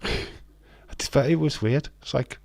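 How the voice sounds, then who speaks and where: A man's voice: mid-range voice, unhurried, vocal fry, a little mellow, no echo. A man hosts a live watch-along stream, commenting casually and bantering with viewers as he reads the chat aloud. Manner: bantering and teasing with viewers, frequent restarts.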